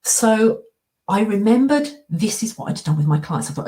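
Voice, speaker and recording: A woman's voice: mid-range voice, expressive, moderate pace, dark tone. Middle-aged woman, coaching presentation, storytelling, acts out inner voices. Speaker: anxiety coach and speaker. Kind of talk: presentation talk with slides.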